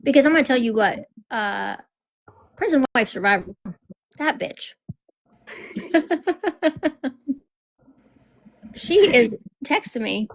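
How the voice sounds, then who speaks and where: A woman's voice: high-pitched, animated, slow pace, creaky, pauses often. A woman hosting a livestream, chatting casually and bluntly, swearing freely and telling stories with animation. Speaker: livestream host. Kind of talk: casual chat.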